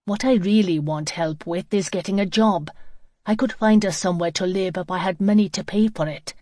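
A woman's voice: mid-range voice, moderate pace, a little mellow, no echo, close to an everyday voice. Woman reading as sullen teenage boy, stubborn, snappish, storybook, dry sound.

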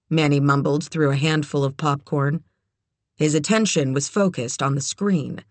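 An audiobook narrator reading a novel in even, measured scripted narration. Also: medium pitch, no room sound.

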